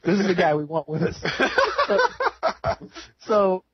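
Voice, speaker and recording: Husky young man telling a story. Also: high voice, wildly swooping pitch, takes it slowly, no room sound. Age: young adult. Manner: eager storyteller, acts out quotes. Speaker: podcast co-host. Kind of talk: casual chat. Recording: dull lo-fi audio.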